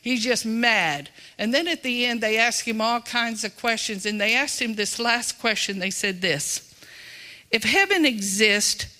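Bright-voiced preacher with a drawl. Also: medium pitch, moderate pace, hardly any pauses. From Texas. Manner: folksy, emphatic, swings between loud and hushed. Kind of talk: sermon.

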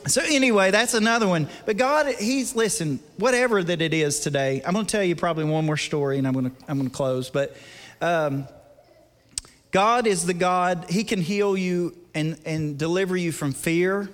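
A man preaching a storytelling sermon in a church service, chatty, laughing between lines and dropping to a hush for the tense parts. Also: high-pitched, moderate pace. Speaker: guest preacher and guitarist. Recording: long reverb from a large hall.

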